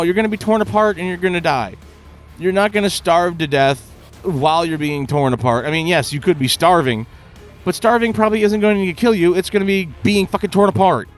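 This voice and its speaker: A man reacting to game trailers, swearing often and rambling in exasperated commentary. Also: on the high side. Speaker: gaming video host.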